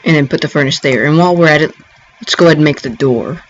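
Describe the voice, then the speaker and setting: Guy talking thru a game tutorial, kinda high voice, lots of ums and restarts, muffled lo-fi sound. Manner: rambling, halting, with frequent ums and restarts. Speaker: gameplay tutorial maker. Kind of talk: casual gameplay tutorial narration. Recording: dull lo-fi home recording.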